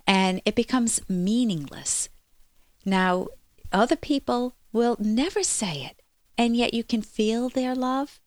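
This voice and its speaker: A woman's voice: mid-range voice, lively intonation, unhurried, dry recording. A woman clinical psychologist hosting a call-in radio advice show, talking to listeners in an earnest, explanatory way.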